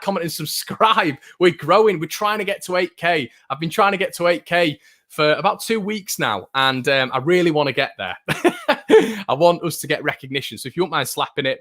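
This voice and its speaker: Upbeat young man, lively football chat. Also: fairly high pitch. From England. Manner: chatty, upbeat, animated when excited, many fillers. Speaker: fan channel host. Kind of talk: casual football watchalong chat reading viewer comments. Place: his own room.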